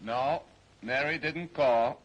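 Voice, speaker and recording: An actor playing a high-strung male roommate who dabbles in astrology, in 1930s film comedy style. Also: slow pace, muffled recording. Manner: jittery, dramatic, high-strung.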